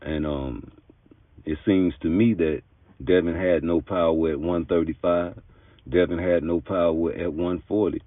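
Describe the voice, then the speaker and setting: Deep, low man, emphatic boxing commentator, thin phone-line audio. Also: steady tone, measured pace, no echo. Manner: emphatic, argumentative, street-talking. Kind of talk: opinionated commentary monologue. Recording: tinny phone-like dry sound.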